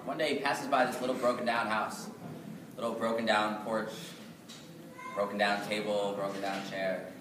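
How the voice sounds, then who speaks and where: A male storyteller telling a folk tale aloud at a live synagogue gathering, lively and rhythmic with repeated phrases. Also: on the low side, normal speed. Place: synagogue event. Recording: echoey hall from far off, noisy.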